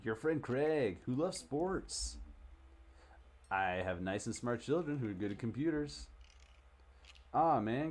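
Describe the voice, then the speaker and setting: A man's voice: mid-range voice, a little mellow, pitched above the performer's own voice. A man voicing a cheerful, sports-loving middle-aged dad in a video game, with faint background noise.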